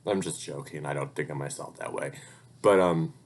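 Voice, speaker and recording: With a rumbling low voice and an unhurried delivery, a young man rambles through a casual vlog update. A vlogger who dabbles in voice acting, he curses freely and grows heated as he vents.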